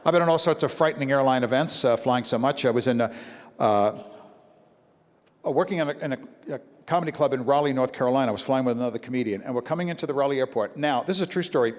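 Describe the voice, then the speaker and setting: A man from Brooklyn doing stand-up comedy to an audience, telling animated stories and slipping into acted-out voices. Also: mid-range voice, a little hiss or hum. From Brooklyn, New York. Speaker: comedian and motivational speaker. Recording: live hall with long reverb, faint ambience.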